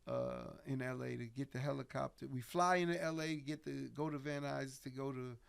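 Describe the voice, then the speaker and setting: A man telling an animated story as a podcast guest, laughing often and acting out quotes. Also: mid-range voice, brisk, creaky, smooth. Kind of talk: casual storytelling chat.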